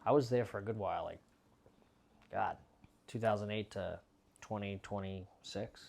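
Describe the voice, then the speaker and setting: A man's voice: on the low side, moderate pace, creaky, a little mellow. A man in his thirties with a Boston accent, a podcast guest telling profane, laughing stories in casual chat. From Boston area, Massachusetts. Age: 30s.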